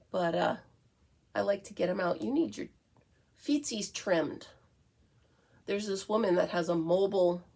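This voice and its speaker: A woman's voice: mid-range voice, creaky, darkish tone. Middle-aged lady chatting over coffee on her vlog, rambly, babytalks her dog now and then. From United States. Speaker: vlog host. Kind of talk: casual morning coffee chat.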